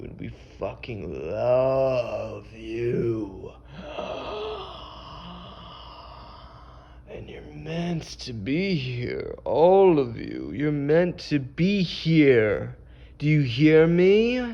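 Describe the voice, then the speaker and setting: A man voicing a loving channeled presence that speaks through him with a put-on accent, gasping and weeping between slow declarations. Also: mid-range voice, vocal fry, darkish tone, pitched above the performer's own voice. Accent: unplaced put-on accent. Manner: gasping, weeping, drawn-out emotional outbursts. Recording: dull lo-fi recording.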